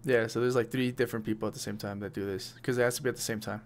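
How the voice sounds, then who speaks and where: A man's voice: medium pitch, steady tone, very fast, slight background noise. A young man running a tabletop game as game master, casual and laughing often, swearing freely.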